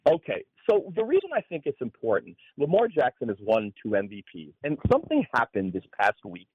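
A man co-hosting a talk radio show, giving animated, opinionated analysis of sports and politics. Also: medium pitch, normal speed, slightly rough, no room sound, muffled recording.

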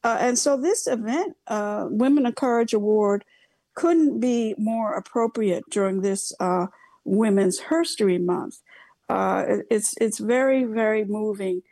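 An older woman hosting a radio talk show, speaking haltingly with a gravelly voice and many fillers. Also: mid-range voice, mellow, no room sound. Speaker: radio host.

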